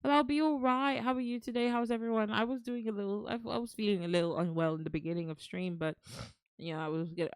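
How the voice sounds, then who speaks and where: A woman's voice: lowish voice, a little mellow, smooth, no echo, studio quality. A woman streamer chatting casually with her viewers, affectionate and talkative, calling them darling. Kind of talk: casual live-stream chat.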